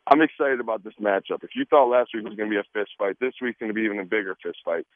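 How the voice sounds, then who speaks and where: A man's voice: lowish voice, racing, no echo. A man, a football player, joking and acting out quotes in a casual radio interview. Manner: animated, joking, acts out quotes. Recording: tinny phone line.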